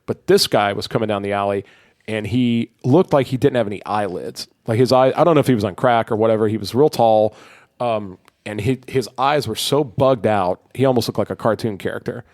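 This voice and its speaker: A man's voice: fairly low pitch, fairly quick, darkish tone, no room sound, clean studio sound. A man co-hosting a podcast in casual chat, telling rambling stories and swearing freely. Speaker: podcast co-host.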